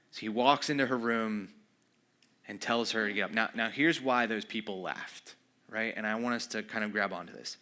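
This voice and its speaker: A man's voice: medium pitch, sharp tone. A man preaching a sermon as pastor, telling a scripture story in a casual, conversational way and acting out the lines of the people in it.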